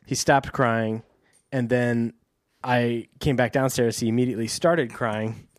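A man co-hosting a casual podcast, chatting in a wry, easygoing way. His voice sits at a middle pitch. The recording is close and dry. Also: fairly even intonation, unhurried, dry recording. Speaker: podcast co-host.

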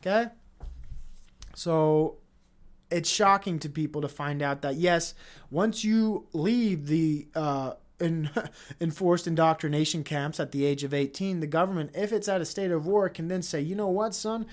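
A man's voice: a little high, unhurried. A man hosting a solo podcast, ranting off the cuff with heavy profanity and frequent restarts. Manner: profane, heated, rambling with restarts. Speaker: podcast host. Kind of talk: unscripted stream-of-consciousness rant.

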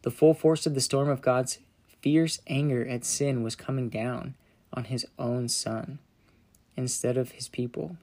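Unhurried and fairly even in intonation, this medium-pitched male narrator reads a children's Bible story. His delivery is gentle yet dramatic, and it softens in the solemn parts.

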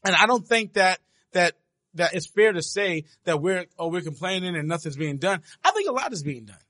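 Male podcast co-host, high bright voice, presses his point. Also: big pitch swings, brisk. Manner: insistent, keeps pressing his point over interruptions. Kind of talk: casual debate chat.

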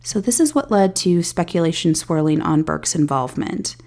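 A woman hosting a podcast, reading a scripted true-crime narration in a measured way with candid personal asides. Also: deep voice, lively intonation, a little mellow. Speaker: podcast host.

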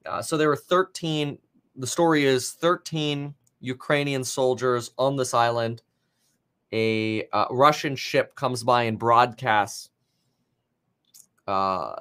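A man's voice: mid-range voice, a bit bright. A man commenting casually on the news, rambling with many fillers and restarts. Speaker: finance commentator.

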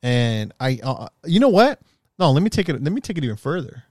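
A man in casual chat, telling stories with lots of swearing, animated and often laughing. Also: mid-range voice, brisk, dry recording, clean studio sound. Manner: animated, profane storyteller who gets loud and laughs.

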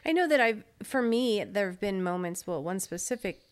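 With a smooth, animated, medium-pitched voice at normal speed, a middle-aged woman co-hosts a laid-back faith podcast. She teases and laughs freely throughout the casual chat.

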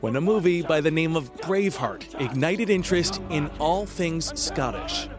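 A male reporter giving measured, scripted news narration. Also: a little high, expressive, loud music behind the voice.

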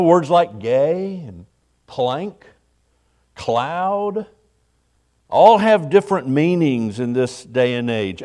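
A man's voice: on the high side, darkish tone. A middle-aged man, a pastor, preaching a morning sermon in a folksy, conversational way, acting out little quotes.

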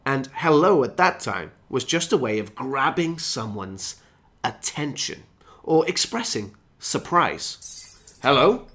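A man explains everyday phrases like a teacher, his pitch rising and falling in an animated way. He speaks clearly and acts out the example phrases as he goes. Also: unhurried. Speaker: English teacher. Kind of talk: scripted podcast lesson.

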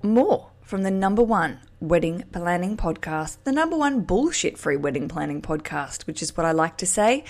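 A woman hosts a podcast in a loose, casual way, teasing callers and wandering into chatty tangents. Her voice sits a little low. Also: big pitch swings, moderate pace, few pauses, a little mellow. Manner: playful, teasing, chatty asides. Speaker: podcast host.

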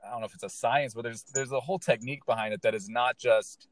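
A male comedian talks casually and tells his stories with lively swings of pitch, often acting out what people said. He swears a lot. The sound is dry and close, with no room echo. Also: fast talker. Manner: animated storyteller, swears freely, acts out quotes. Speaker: stand-up comedian. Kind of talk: casual podcast chat.

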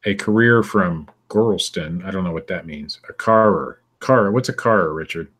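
A man's voice: low voice, normal speed, fairly bright tone, slightly rough. A man co-hosting a podcast in casual chat, reading strange news stories aloud in a wry way and laughing now and then. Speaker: podcast co-host.

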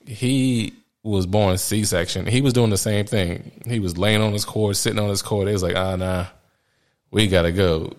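A man's voice: fairly low pitch, steady tone, normal speed, few pauses. A man in his thirties telling candid, rambling stories about becoming a father, laughing often as he talks. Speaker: father sharing parenting stories. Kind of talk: casual personal storytelling.

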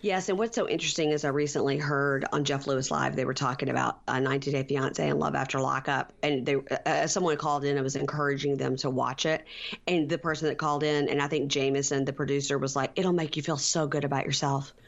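A woman co-hosting a casual recap podcast, retelling scenes and acting out quotes in animated voices. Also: fast talker, creaky, lo-fi sound. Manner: animated storyteller, acts out quotes with jumps in pitch. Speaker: podcast co-host.

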